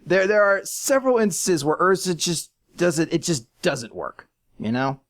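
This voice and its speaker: A podcast co-host in casual chat, ranking a list, animated and sarcastic, breaking into shouted impressions. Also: mid-range voice, moderate pace.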